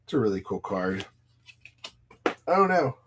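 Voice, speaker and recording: A man's voice: lowish voice, big pitch swings, unhurried, a bit bright, slight background noise. A man casually chatting on a live stream, reading off cards as he opens packs and telling stories to viewers. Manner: chatty, rambling, greets viewers by name while reading cards. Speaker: live stream seller opening card packs.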